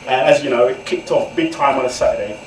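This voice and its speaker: At a quick pace and medium pitch, an English guest author in his forties shares his life story with an audience. The recording is distant and echoey, with slight background noise, and his manner is candid and conversational, often turning to the listeners directly.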